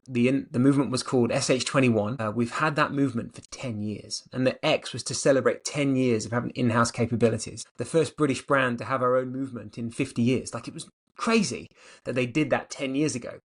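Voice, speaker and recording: A middle-aged man talking with eager, rambling energy in a relaxed interview. His voice sits in an ordinary middle pitch, and his answers pile up in long, excited runs. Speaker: watch brand director.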